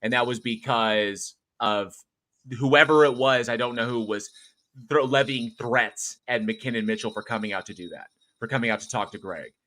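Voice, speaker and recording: A man hosting a casual livestream, chatting and getting animated as he tells stories. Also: medium pitch, normal speed. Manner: excitable, animated when telling stories. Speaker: host.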